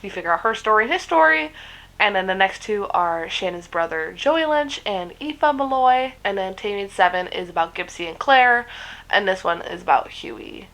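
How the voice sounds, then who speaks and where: A woman's voice: medium pitch, lively intonation, moderate pace, a bit bright, poor audio. Chatty woman gushing about books. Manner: chatty and gushing, swears freely, many fillers. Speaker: book vlogger. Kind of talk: casual book review chat.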